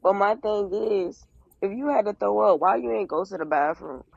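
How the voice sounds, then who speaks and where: A gravelly, mid-pitched voice delivers a blunt, profane tirade in a heated livestream rant. The audio is muffled and lo-fi. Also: moderate pace.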